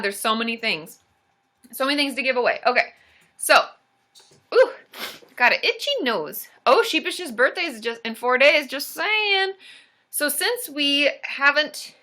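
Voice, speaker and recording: Bubbly high-voiced woman livestreaming. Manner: bubbly and excitable, cheering and giggling often. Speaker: therapist hosting a live stream. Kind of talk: casual livestream chat reading viewer comments.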